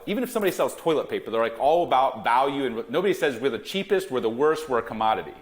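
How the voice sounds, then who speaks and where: A middle-aged man in an interview, talking emphatically about business, with punchy lines and quick acted-out quotes. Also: mid-range voice, lively intonation. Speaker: guest, gifting company founder. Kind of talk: animated business interview talk.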